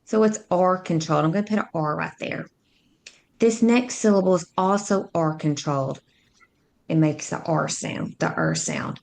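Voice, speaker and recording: A woman with a slightly low voice walks through a phonics lesson. She talks slowly and clearly, sounding out each syllable the way a patient reading tutor would. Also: darkish tone. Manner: slow, clear, instructive, sounds out words.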